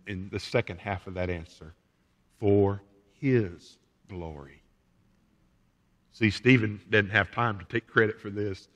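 A man preaching a sermon as pastor in a church, earnest and emphatic, letting the ends of his phrases trail off softly. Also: on the low side, big-room sound. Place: church sanctuary.

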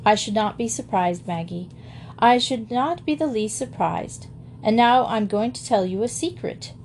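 A woman voicing a gentle, gracious aristocratic mother in a storybook. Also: a little high, lively intonation, moderate pace, slight background noise. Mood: tender. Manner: gracious, warm welcoming.

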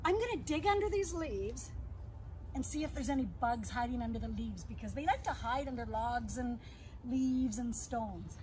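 A woman leading an outdoor lesson for young children, talking gently in a sing-song way, as if to friends. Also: a little high, expressive, normal speed, a little hiss or hum. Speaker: early years educator. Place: outdoors in a yard and woods.

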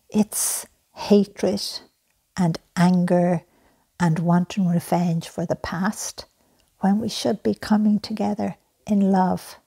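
Slow, gravelly, soft-spoken woman making an earnest appeal. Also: fairly low pitch, steady tone. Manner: soft-spoken, earnest, drifting into breathy whispers. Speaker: charity founder making an appeal.

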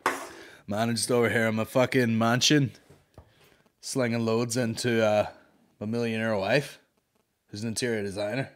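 A man's voice: fairly low pitch, steady tone, normal speed, long pauses. A man hosting a comedy podcast, chatting casually in a profane, rambling, mocking way.

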